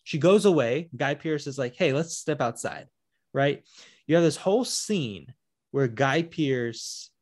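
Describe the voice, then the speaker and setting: A man's voice: fairly high pitch, lively intonation, unhurried, darkish tone. A man in a loose podcast chat about a film he has watched. He talks it through animatedly and acts out the characters' lines as he goes. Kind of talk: casual film discussion.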